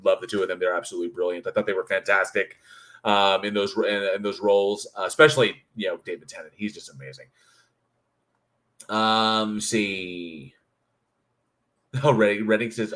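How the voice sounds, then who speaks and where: A man's voice: on the low side, fairly even intonation, normal speed, pauses often, fairly bright tone. A man co-hosting a casual livestream, bluntly answering viewer chat and swearing freely. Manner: reads viewer chat aloud, blunt and profane. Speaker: livestream co-host.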